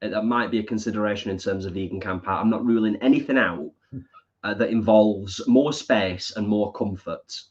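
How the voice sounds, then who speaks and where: A man with a fairly low voice co-hosts a live stream at a normal pace, chatting casually and reading out viewer comments. The stream audio is dull and lo-fi.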